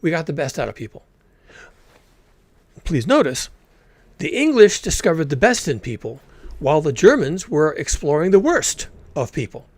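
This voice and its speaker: A man's voice: a little high, sing-song, normal speed, pauses often, dry recording. A man commentating on a recorded talk in a blunt, emphatic way, swearing freely. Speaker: reaction video commentator.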